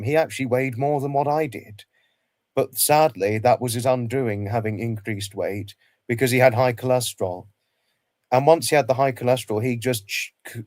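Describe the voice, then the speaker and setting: A man speaks on a casual livestream in a middle-pitched voice, talking haltingly, circling back and repeating phrases as he gropes for words. The sound is dry and close, with no room around it. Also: darkish tone, no room sound. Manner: halting, repeats himself, many restarts. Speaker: livestream host.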